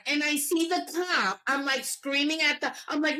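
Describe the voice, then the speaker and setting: A woman's voice: sits high, normal speed, hardly any pauses, sharp tone, rough recording. A middle-aged woman talking casually on a podcast, emphatic and full of fillers, acting out her own reactions. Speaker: podcast guest.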